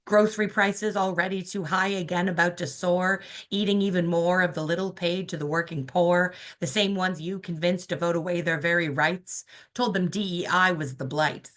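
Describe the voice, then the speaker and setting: Casting: Canadian woman poet, slightly low voice, measured spoken word delivery, chatty between poems. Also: steady tone, fairly bright tone. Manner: slow, measured poetic delivery with casual asides. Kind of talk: spoken word poetry reading.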